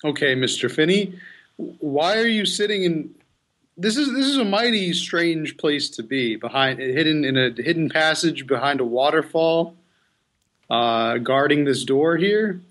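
A man's voice: on the high side, animated, unhurried, a bit bright. A man voicing a blunt adventurer who questions and threatens a guard, in an everyday voice. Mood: probing.

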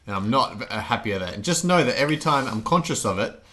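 A man's voice: medium pitch, lively intonation, fast talker, bright, forceful tone, slight background noise. An Australian man co-hosting a podcast, chatting casually in a rambling, self-deprecating way with frequent laughter. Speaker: podcast co-host.

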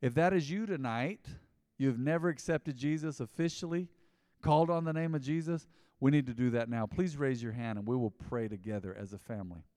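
A man preaching a mid-week sermon as pastor, chatty and conversational, swinging from loud emphatic lines to quiet asides. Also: medium pitch, brisk, clean studio sound. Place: church sanctuary. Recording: long reverb of a large church hall.

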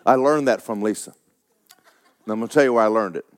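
A man preaching a sermon, with folksy asides, rising loud to stress a point and dropping low to tell a story. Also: fast. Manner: folksy preaching, rises loud for emphasis, drops low for stories. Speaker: pastor.

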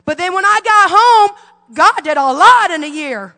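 High bright-voiced woman preaching in a hall. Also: animated, normal speed. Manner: fervent preaching with call-and-response. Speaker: pastor. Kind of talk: sermon. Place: church sanctuary.

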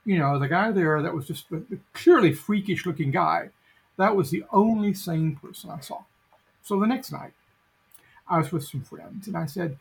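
Gravelly, husky man telling stories. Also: fairly high pitch, normal speed, rough recording. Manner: rambling anecdotal delivery with many fillers and restarts. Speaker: interview guest. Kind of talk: casual storytelling.

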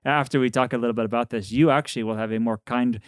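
On a dry recording, a man who is a priest and podcast co-host talks fast and smoothly in a steady, mid-range voice. He laughs easily and teases his friends in casual chat, then turns earnest to explain his faith.

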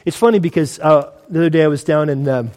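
American pastor preaching in a reverberant hall. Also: male voice, on the high side, quick pace, a little mellow. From United States. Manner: conversational, repeats words, rhetorical questions. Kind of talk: sermon.

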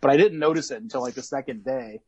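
A man's voice: medium pitch, quick pace, darkish tone, slightly rough, no room sound, highs cut off. A man from Illinois, a podcast guest in casual chat, talking in a hesitant, laid-back way with many ums and uhs.

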